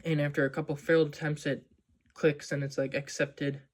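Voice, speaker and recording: A man's voice: on the high side, level tone, fairly quick. A man casually recapping a movie plot as a reviewer, rambling with lots of "um" and "like". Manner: rambling, many fillers like "um" and "like".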